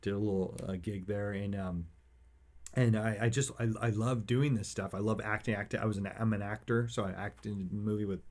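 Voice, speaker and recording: A man hosting a motivational podcast, rambling through personal stories and growing excited and emphatic. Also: fairly low pitch, brisk. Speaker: podcast host.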